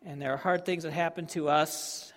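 A male pastor preaching a sermon, emotive, swinging between loud emphasis and quiet, with sighs. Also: on the high side, steady tone, normal speed, long reverb tail.

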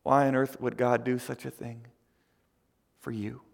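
A male pastor giving a conversational sermon who swings between loud emphasis and near whispers, often repeating words, in a church. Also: mid-range voice, flat delivery, measured pace, gravelly, long reverb tail.

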